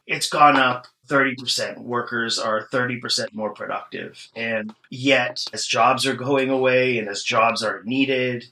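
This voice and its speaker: Bright-sounding guy on a podcast, rambling and swearing a lot, casual. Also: mid-range voice, rough recording. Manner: loose, profane storytelling full of "like". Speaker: podcast guest. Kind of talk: casual chat.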